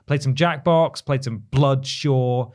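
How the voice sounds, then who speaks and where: A man's voice: mid-range voice, fairly even intonation, slow, darkish tone. A man, co-hosting a casual gaming podcast, chatty and wryly exasperated. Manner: chatty, exasperated ranting, wry. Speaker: podcast co-host.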